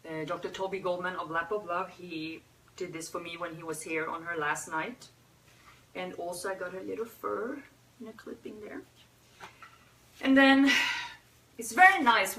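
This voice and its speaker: A woman hosting a pet memorial livestream, talking unscripted in a teary, soft-hearted way with sighs and pauses. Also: on the low side, a little hiss or hum. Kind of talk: unscripted emotional talk. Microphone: phone or webcam. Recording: roomy echo, a bit far from the mic.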